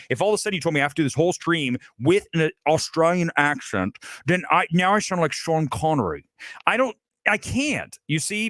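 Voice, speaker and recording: A man's voice: a little high, a bit bright, no echo, clean studio sound. A man hosting a film review livestream, talking bluntly and emphatically with self-assured opinions. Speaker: film critic host.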